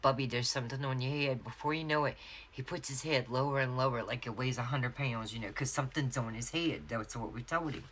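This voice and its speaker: Decorating a planner in her home craft office, this Southern-accented North Carolina woman chats through a long story for her casual vlog. She has a very deep voice, laughs, and wanders into drawn-out asides; a little hiss or hum is audible.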